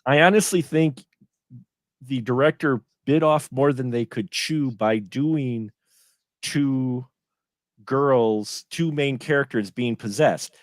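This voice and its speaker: A man as a guest film reviewer in a casual live stream chat, animated, acting out his own reactions. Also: mid-range voice, takes it slowly, no echo, clean studio sound.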